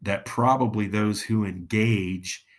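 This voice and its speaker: A man preaching a sermon, teaching slowly and deliberately while addressing his listeners directly. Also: lowish voice, fairly even intonation.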